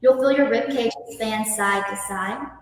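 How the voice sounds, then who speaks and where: Woman, yoga teacher, calm gentle guiding, slightly high voice, echoey hall, distant mic. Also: moderate pace, slight background noise. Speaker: yoga instructor. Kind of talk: guest interview then guided yoga instruction.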